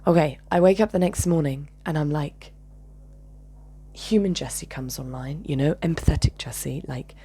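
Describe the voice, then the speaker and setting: A woman with a low, husky voice recounts a personal story. She speaks with intensity, swears freely, and swings between raised, emphatic phrases and hushed whispers. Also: normal speed. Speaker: channel host.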